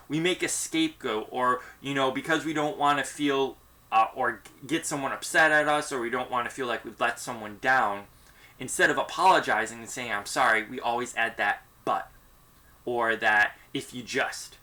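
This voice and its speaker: A man's voice: medium pitch, normal speed, bright, forceful tone. A man, a pastor leading a church discussion group, giving an earnest, conversational teaching talk and acting out sample apologies. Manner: earnest, conversational, acts out sample apologies, frequent "you know".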